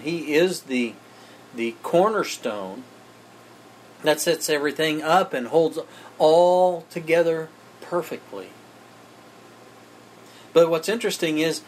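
A man preaching with emphatic conviction, often turning to his listeners as friends. His voice sits a little high for a man. A faint hiss runs under the recording. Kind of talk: sermon.

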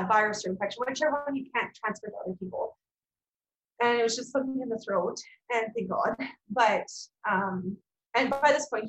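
A woman's voice: high-pitched, roomy sound, rough recording. A young adult woman, a podcast guest, candidly telling a personal story with many fillers and some swearing.

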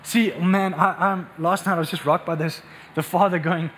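A man's voice: sits high, a little slow, a little hiss or hum. A man preaching a sermon with passion, often repeating words as he builds up. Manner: impassioned, repeats words when excited.

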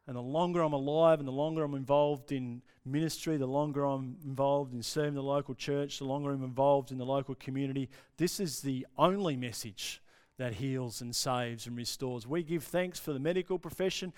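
A male pastor preaching a sermon with passion, dropping to soft pauses for emphasis. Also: medium pitch, smooth. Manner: impassioned, with dramatic pauses and drops to near-whisper.

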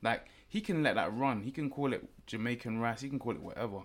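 A man's voice: mid-range voice, quick pace. A young man in casual chat, using street slang and firm emphatic phrasing. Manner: laid-back slang, emphatic.

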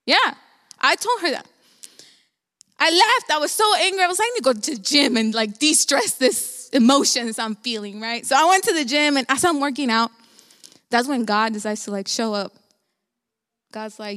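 A young woman telling a personal faith story to her viewers, animated, acting out quoted dialogue. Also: high-pitched, moderate pace, long pauses, in a large hall.

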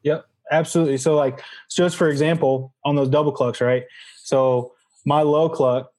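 A man who is a guest on a casual podcast, explaining his technique in a measured way. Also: fairly high pitch, steady tone, a little mellow. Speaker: guest, goose calling champion.

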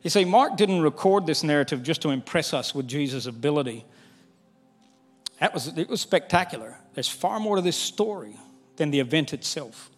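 An older man preaching a sermon as pastor, candid and animated, with humor and acted-out quotes. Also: on the high side, normal speed, faint music behind. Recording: long hall reverb.

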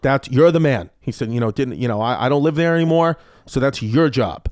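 A comedian guest telling stories in casual chat, animated and profane, acting out quotes. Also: male voice, medium pitch, fairly quick, no echo, studio quality. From New York. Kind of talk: casual storytelling.

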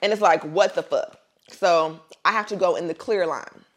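A young woman spins a story on a casual podcast, her voice sitting a little low. She swears freely and acts out each person's words as she goes. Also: moderate pace. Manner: animated storyteller, profane, acts out quotes. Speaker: podcast co-host.

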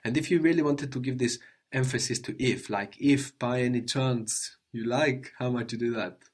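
A man teaching a language lesson, patiently prompting his student with questions and gently correcting answers. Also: mid-range voice, normal speed, slightly rough.

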